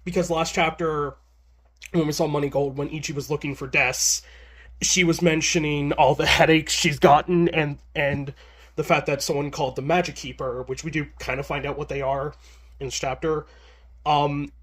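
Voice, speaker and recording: A man's voice: on the high side, steady tone, moderate pace, fairly bright tone. A man giving a casual manga chapter review. He sounds nervous and stammers often, with many restarts, but stays chatty and laughs a lot.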